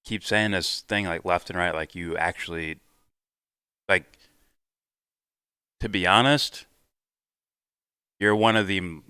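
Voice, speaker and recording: A man's voice: low voice, slow, pauses often, bright, forceful tone, clear, resonant tone, dry recording, studio quality. A man hosting a casual reaction livestream, reading chat and arguing his points in a rambling way. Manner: rambling, argumentative, reads chat aloud. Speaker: livestream host.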